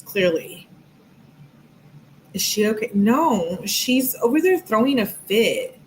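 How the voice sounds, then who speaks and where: A woman's voice: mid-range voice, lively intonation, slight background noise, poor audio. Woman reading texts aloud with asides. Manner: plain reading broken by quick skeptical asides. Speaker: true-crime channel host. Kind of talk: reading text messages aloud with commentary.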